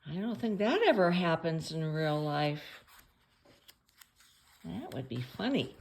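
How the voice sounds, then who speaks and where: A woman reading a picture book aloud at home for children, playful and chatty, pausing to ask the listener questions. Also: deep voice, big pitch swings, creaky.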